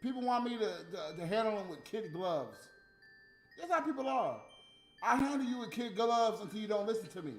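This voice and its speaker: In an echoey room with faint music, a man with a high, animated voice rants at normal speed, cigarette in hand. His casual monologue is profane and heatedly mocks people who aren't there.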